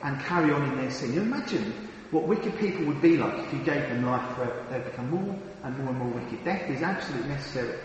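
A man's voice: medium pitch, animated, quick pace, hardly any pauses, lo-fi sound, a little hiss or hum. A man preaching a sermon, earnest and emphatic, often restarting and repeating his words. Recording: very echoey hall with long reverb.

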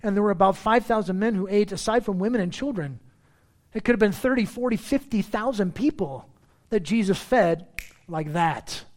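A man's voice: sits high, moderate pace. A man preaching a sermon as pastor, reading scripture verses and explaining them with emphatic, repeated phrases.

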